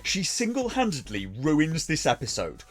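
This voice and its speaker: A man's voice: fairly high pitch, wildly swooping pitch, moderate pace, music in the background. A man reviewing a TV episode in a dry, sarcastic, mocking way.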